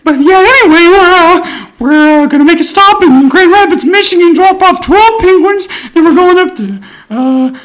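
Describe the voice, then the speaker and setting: A man voicing an earnest male penguin salesman in a raised put-on voice, halting with many uhs. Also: very high voice, expressive, a bit bright, poor audio.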